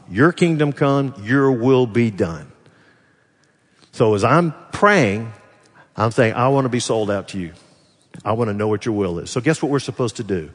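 An earnest man delivers a sermon in a speaking voice of middle pitch. He asks the congregation questions and slows down to linger over lines of scripture. His voice carries the long reverb of a large hall. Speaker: pastor.

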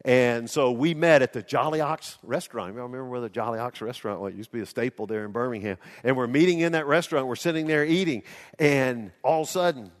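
A man's voice: medium pitch, fast, in a large hall. Folksy pastor in his sixties. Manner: folksy storytelling, acts out quoted voices. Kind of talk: sermon.

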